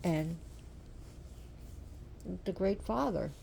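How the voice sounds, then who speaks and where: A woman retelling a myth with deep feeling, repeating phrases and asking the listener direct questions. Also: expressive, very slow, creaky, dark tone, a little hiss or hum. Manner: impassioned, repetitive, asks the listener direct questions. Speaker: storyteller. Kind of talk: emotional oral storytelling of myth.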